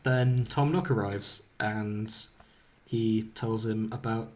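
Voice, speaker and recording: A man's voice: lowish voice, fairly even intonation, slow pace. A man on a casual podcast, retelling a fan fiction with dry asides and frequent laughter. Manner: laughs often, paraphrases the story with dry asides. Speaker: podcast co-host. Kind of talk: casual chat, reading a fan fiction aloud.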